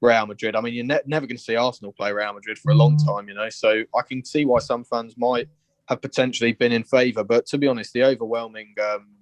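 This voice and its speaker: A man's voice: mid-range voice, steady tone, quick pace. A young man with a Scouse accent, calling in to give a passionate, indignant fan's opinion. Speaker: caller. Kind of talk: phone-in fan opinion.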